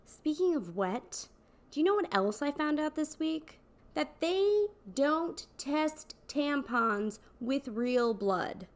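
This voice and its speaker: A woman hosting a podcast, telling stories in a wry, sarcastic comedic monologue with sudden loud outbursts. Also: sits high, expressive, takes it slowly. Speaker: podcast host.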